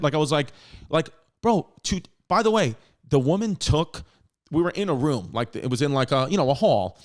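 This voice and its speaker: Guy hosting a podcast, rambly and animated, swears a lot, restarts sentences constantly. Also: a little high, normal speed. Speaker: podcast host. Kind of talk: casual storytelling.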